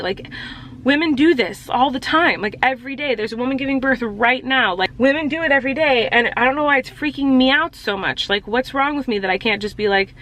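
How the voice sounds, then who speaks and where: A woman's voice: a little high, a little fast, a bit bright, a little hiss or hum, low-quality recording. A young woman talking straight to camera in a rambling, confessional vlog, using "like" a lot. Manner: rambling, heavy use of "like". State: upset. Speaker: vlogger.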